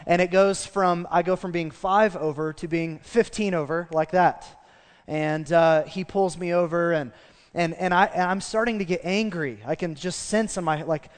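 A man preaching as a pastor, telling a personal story with animated, self-deprecating humor. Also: a little high. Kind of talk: sermon. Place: church sanctuary. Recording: long reverb of a church hall.

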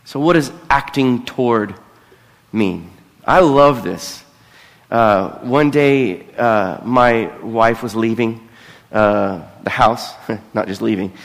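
Slowly and in a mid-range voice, a middle-aged pastor preaches a conversational sermon. He's earnest but keeps breaking into self-deprecating asides, and the church sanctuary gives the recording a long, large-hall reverb.

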